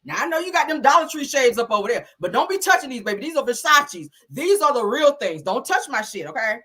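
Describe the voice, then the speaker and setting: Woman putting on sassy woman, scolding, emphatic, high bright voice. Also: sing-song, fast, husky, full character voice. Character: sassy woman guarding her designer sunglasses.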